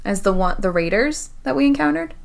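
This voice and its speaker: A woman's voice: medium pitch, expressive, a little fast, vocal fry. A woman playing a tabletop game, speaking in character in a playful, sassy way. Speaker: player.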